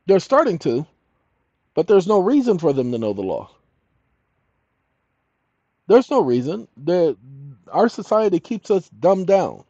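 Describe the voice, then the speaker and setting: An older man, acting as a channel host, tells a story in a warm, fairly high voice, stressing his points and repeating key lines. The audio is dull and lo-fi, with no echo.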